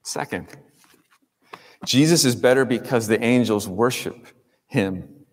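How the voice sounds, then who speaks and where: A man preaching a sermon to his congregation in a church sanctuary. His voice sits at a middling pitch, swinging between emphatic rises and quiet drops as he speaks. The sound carries a long reverb from the large room. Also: slow. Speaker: pastor.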